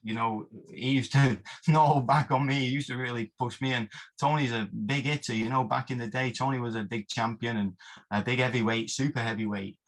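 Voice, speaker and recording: A man's voice: mid-range voice, steady tone, fairly quick. A man, a martial arts instructor, rambling through interview anecdotes with plenty of fillers and mild oaths. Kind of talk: interview storytelling.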